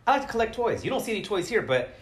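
A man's voice: sits high, very animated, racing. A man from California, a comedian guest who has been drinking, chatting loosely and stuttering with laughs. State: tipsy from drinking. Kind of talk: casual podcast chat. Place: room in his home. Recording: roomy echo.

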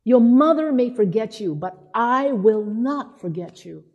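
Woman, sermon, husky voice, lively storytelling, long hall reverb. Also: on the high side, measured pace, muffled recording. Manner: animated storytelling, acting out quotes. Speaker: preacher.

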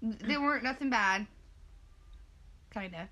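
A woman's voice: fairly high pitch, unhurried, sharp tone. A woman in her twenties chatting casually, laid-back and self-mocking, laughing often. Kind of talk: casual chat.

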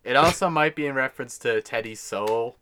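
A man's voice: medium pitch, fairly quick, pushed and bright, slight background noise. A man co-hosting a podcast, casually reading out his film notes and laughing often. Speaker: podcast co-host.

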